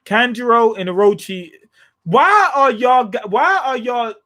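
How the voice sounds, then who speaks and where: A high-voiced man drifts through a casual live reading of a comic, stopping for jokey asides. He talks slowly and keeps restarting his sentences, with plenty of fillers. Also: expressive, bright, forceful tone. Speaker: manga reaction channel host.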